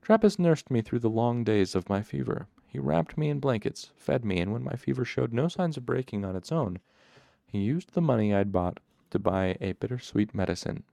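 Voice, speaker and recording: A man reading a novel aloud as first-person narration, in a measured, even storytelling manner. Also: medium pitch, creaky, dry recording, studio quality. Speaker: audiobook narrator.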